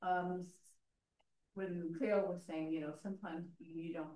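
A woman in a church group sharing a memory, speaking in a halting, soft-spoken way. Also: fairly low pitch, fairly even intonation, a little hiss or hum. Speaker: group member. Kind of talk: casual group talk. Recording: echoey room.

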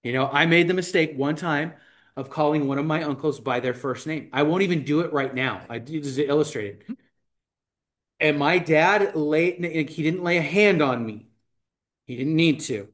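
A man's voice: a little high, normal speed, fairly bright tone. A man leading a Bible study group, telling anecdotes in casual talk and acting out what people said. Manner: storytelling, acts out anecdotes.

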